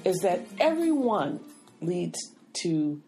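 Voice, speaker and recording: Over music, a woman with a lowish, sing-song voice speaks slowly as she hosts a casual podcast chat. She insistently holds the floor, saying "wait a minute" and asking to finish her point.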